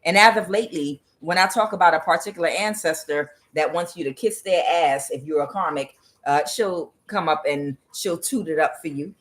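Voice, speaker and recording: Lady doing a tarot reading, kinda low voice, swears a lot, keeps going off on tangents and talking to her cat. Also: moderate pace, low-quality recording. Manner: blunt, profane, rambling asides to her cat. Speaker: tarot reader. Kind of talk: casual tarot reading vlog.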